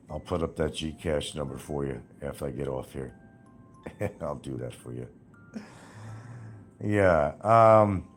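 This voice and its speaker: Very deep-voiced man ranting on a livestream. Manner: taunting, profane, sarcastic, laughing at his target. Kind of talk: livestream rant.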